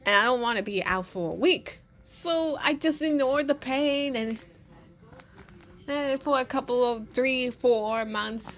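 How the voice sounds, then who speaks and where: A woman's voice: high voice, a little slow, fairly bright tone. A young woman casually telling a personal story, rambling and restarting her sentences often. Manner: rambling, with many restarts and repeated words.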